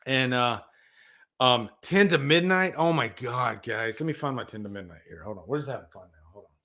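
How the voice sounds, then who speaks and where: A man's voice: mid-range voice, animated, a little fast, sharp tone. A man hosting a casual live stream, rambling with enthusiasm and talking to viewers in the chat. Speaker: livestream host.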